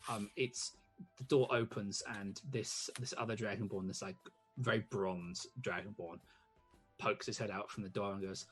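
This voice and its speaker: A man's voice: lowish voice, steady tone, moderate pace, fairly bright tone, husky, soft background music. A man narrating a tabletop game as game master, rambling with lots of fillers. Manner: rambling, full of "like" and "um".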